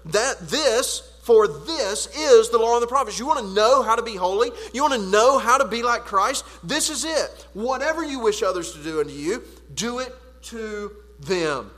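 A man preaching a sermon as pastor, earnest, rising to emphatic peaks and dropping quiet again. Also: very high-pitched, animated, moderate pace, hardly any pauses, long reverb tail, poor audio.

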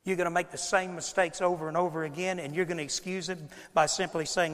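A man preaching a sermon to his congregation, swinging between loud emphasis and quiet lines and acting out the people he quotes. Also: sits high, level tone, fast talker, hardly any pauses, big-room sound. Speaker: pastor. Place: church sanctuary.

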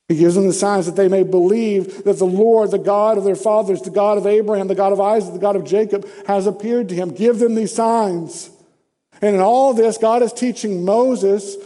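A man preaching a sermon in a conversational way, full of rhetorical questions and lively paraphrase. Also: high voice. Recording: long hall reverb.

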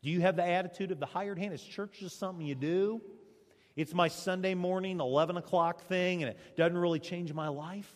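A male pastor preaching a sermon, swinging between loud, emphatic lines and hushed ones. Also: sits high, fairly quick. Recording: long church reverb.

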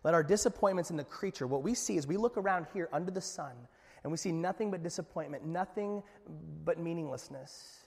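A man's voice: fairly high pitch, brisk, creaky. A man preaching a sermon to his congregation, speaking conversationally with asides and building to emphatic peaks. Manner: animated preaching with rising emphasis. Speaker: pastor. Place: church sanctuary. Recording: echoey hall.

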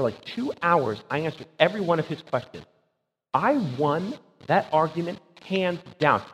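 A man's voice: fairly high pitch, breathy edge. A man preaching a conversational sermon as pastor, emphatic and often checking in with a rhetorical "right?". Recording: dull sound with long hall reverb.

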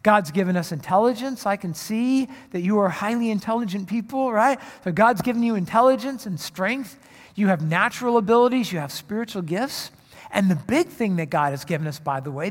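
High-voiced preacher in a reverberant hall. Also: male voice, animated, moderate pace. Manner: earnest, rising to emphatic proclamation. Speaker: pastor. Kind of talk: sermon.

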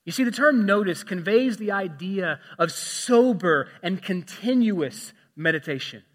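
A man delivers a sermon in a church sanctuary. His pitch sits high for a man, and his voice rings out with long hall reverb. He swings between loud, emphatic passages and quiet, hushed asides. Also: animated, unhurried. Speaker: pastor.

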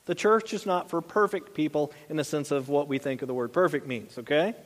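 A pastor delivers a conversational sermon, often repeating and restarting phrases. His voice is a little high and a little fast, with long hall reverb on the recording.

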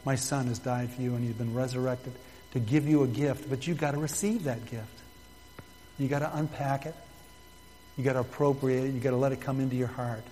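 A man's voice: mid-range voice, fairly even intonation, a little fast, slight background noise. Fervent male pastor in echoey church. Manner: fervent, pleading, swells loud then drops soft. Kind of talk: sermon closing prayer. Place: church building.

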